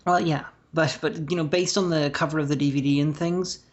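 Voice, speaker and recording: A woman's voice: deep voice, fairly even intonation, brisk. A woman hosting a podcast, talking casually with hesitant, rambling sentences full of restarts. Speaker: podcast host. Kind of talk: casual chat. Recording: lo-fi podcast recording.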